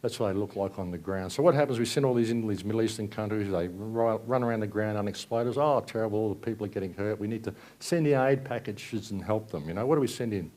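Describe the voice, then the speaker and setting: A man's voice: fairly low pitch, fast, hardly any pauses, warm tone. A man giving an angry, sarcastic presentation at a live event, swearing and ranting. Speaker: speaker at a conference.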